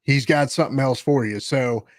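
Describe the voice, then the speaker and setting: A Maryland man, a musician who also hosts a podcast, talks casually as an interview guest. His medium-pitched voice moves at a moderate pace in a dry recording, and he rambles, often restarting and correcting himself.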